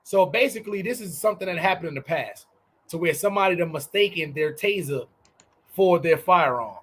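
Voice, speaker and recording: A man co-hosting a podcast, telling stories in loose, profane casual chat and breaking into shouted impressions. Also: high voice, lively intonation, brisk, husky. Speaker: podcast co-host.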